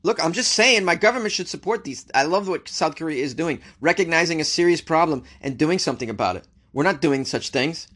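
Fast-talking with hardly any pauses, an American news host speaks in a slightly high, fairly bright voice with lively intonation. He reads the stories aloud and fires back wry jokes at them, keeping things casual and conversational.

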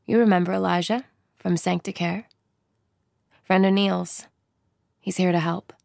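A brisk, practical woman, voiced by the narrator, speaks plainly and matter-of-factly in an audiobook. The studio sound is dry. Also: lowish voice, steady tone, vocal fry, a little mellow, dry recording.

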